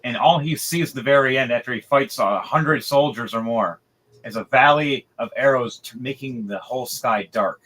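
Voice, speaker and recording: A man narrating as dungeon master of a tabletop game, animated, rambling and profane. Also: medium pitch, normal speed.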